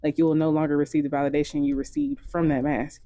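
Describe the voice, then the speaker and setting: A woman's voice: low voice, steady tone, fast talker, warm tone, dry recording. A woman giving frank, scripted commentary in a video, blunt and swearing casually.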